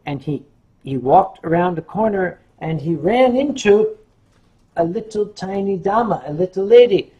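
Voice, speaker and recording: Husky, unhurried male storyteller. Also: high-pitched, lo-fi sound. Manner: animated raconteur who drops in German words. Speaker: show host reading viewer questions. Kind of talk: casual live-stream chat and storytelling.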